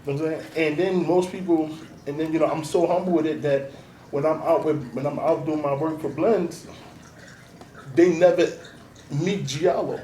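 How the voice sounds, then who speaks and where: Blunt, streetwise man, slightly high voice, slightly off-mic in a roomy space. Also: normal speed, dark tone. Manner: blunt, streetwise, profane, emphatic. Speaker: artist and DJ manager, guest. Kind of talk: casual interview talk. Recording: roomy, noisy, mic at a distance.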